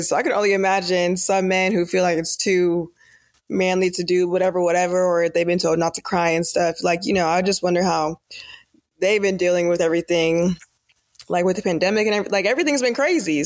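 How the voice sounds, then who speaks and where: A woman's voice: fairly low pitch, fairly quick. A woman co-hosting a podcast with her father, chatting casually and filling her talk with "like" and "whatever". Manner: casual, relaxed, with many "like"s and "whatever"s. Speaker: podcast co-host, daughter of the other host.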